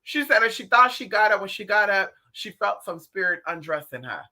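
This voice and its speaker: Bright sharp voice, swoops all over, profane gossipy streamer chatting to viewers. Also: mid-range voice, a little fast. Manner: animated, profane, gossipy storytelling; talks straight to viewers. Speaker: livestream host. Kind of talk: casual livestream chat.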